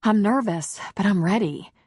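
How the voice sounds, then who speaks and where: A woman reading the part of a shy, nervous woman in an audiobook romance, soft-spoken and hesitant. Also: mid-range voice, moderate pace, breathy edge, dry recording, clean studio sound, pitched above the performer's own voice, natural voice.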